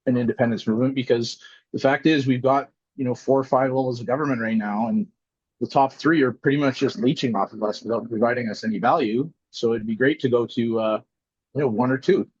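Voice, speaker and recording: A man from Alberta, a podcast guest, telling his side in a steady, wry way. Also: medium pitch, slightly rough, no echo, muffled recording. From Alberta, Canada. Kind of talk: casual podcast conversation.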